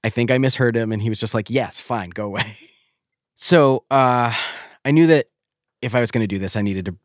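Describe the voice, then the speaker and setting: A man's voice: mid-range voice, fairly quick, no echo, studio quality. A man hosting a podcast, telling a story in a wry, self-deprecating way. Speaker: podcast host. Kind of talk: casual storytelling.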